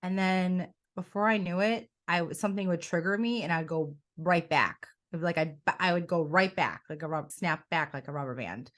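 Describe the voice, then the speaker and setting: A middle-aged woman coach in a conversational interview, telling her story in an animated way and often quoting her own past thoughts. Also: fairly low pitch, normal speed, hardly any pauses. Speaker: coach and academy founder.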